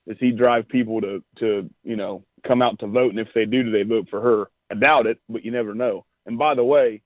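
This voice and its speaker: A man's voice: fairly low pitch, steady tone, fairly quick, no room sound. A man calling in as a regular guest on political talk radio, blunt and exasperated. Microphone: phone line. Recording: tinny phone line.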